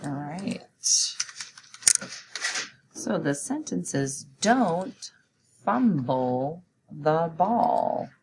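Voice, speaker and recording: A woman teacher with a low voice talks slowly and patiently through a recorded phonics lesson, guiding young students step by step. Clear background noise and clicks sit under her voice.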